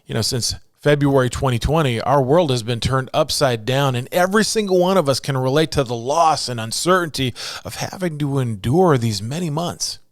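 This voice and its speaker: A man's voice: mid-range voice, moderate pace, few pauses, no room sound, clean studio sound. A motivational speaker, a man, talking in an earnest way with light jokes.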